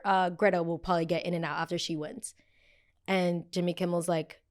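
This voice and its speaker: Speaking quickly in a voice on the low side, a young woman runs a solo podcast recapping pop culture. She's casual and animated, leaning on filler words and suddenly exclaiming when something excites her.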